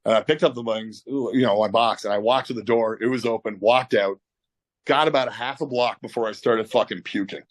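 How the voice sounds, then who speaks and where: A man's voice: mid-range voice, fairly quick, dry recording. A middle-aged man with a Canadian accent spins a vivid story over a video call, swearing freely and acting out every quote. His voice sounds dry and close, with no room around it. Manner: animated storyteller, swears a lot, acts out quotes. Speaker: tattoo artist guest.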